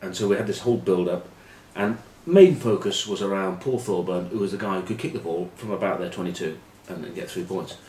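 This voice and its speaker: A middle-aged man telling rugby stories and giving predictions, wry and self-mocking, often trailing off into quiet asides. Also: deep voice, brisk, few pauses. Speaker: rugby pundit. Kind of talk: anecdotal storytelling preview. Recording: echoey room with faint ambient noise.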